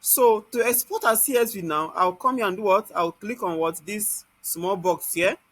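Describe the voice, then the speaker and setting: A man with a Nigerian accent leads a live online software class. He keeps asking the class "what?" and then answers it himself. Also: high voice, moderate pace, no echo. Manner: scolds students in Nigerian Pidgin.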